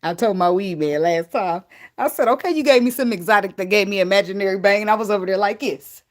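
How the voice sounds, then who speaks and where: A woman's voice: medium pitch, fast. A woman tarot reader in a casual spiritual vlog, talking bluntly and emphatically, swearing freely and laughing often.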